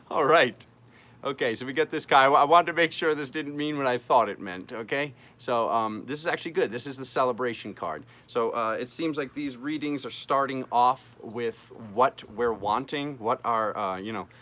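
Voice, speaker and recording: A man's voice: medium pitch, normal speed, pushed and bright. A man hosting a live-streamed tarot reading, chatting playfully and joking with his viewers as he works through the cards.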